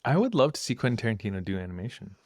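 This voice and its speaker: A young man co-hosting a casual podcast chat, laid-back and hesitant, often pausing mid-sentence. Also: lowish voice, sing-song, darkish tone, slight background noise. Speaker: podcast co-host.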